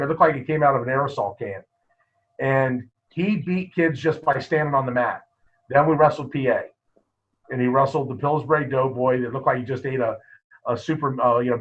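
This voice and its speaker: A man, a wrestling coach, telling stories in a casual interview, lively and full of quoted dialogue. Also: mid-range voice. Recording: muffled lo-fi podcast audio.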